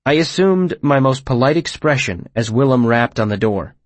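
Expressive male audiobook narrator. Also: mid-range voice, normal speed, no echo. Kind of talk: first-person fiction narration.

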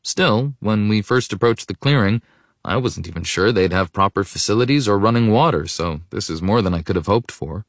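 A man narrating a first-person audiobook in a reflective, intimate way that often drops to a hush. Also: lowish voice, lively intonation, normal speed, no room sound, studio quality. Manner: reflective, intimate, softening to hushed.

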